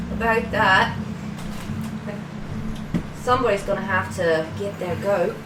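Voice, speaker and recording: A woman's voice: mid-range voice, slow pace, long pauses, very noisy. Laughing woman game master, echoey room. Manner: laughing, rambling. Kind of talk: narrating a tabletop game. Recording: echoey room, distant mic, music behind.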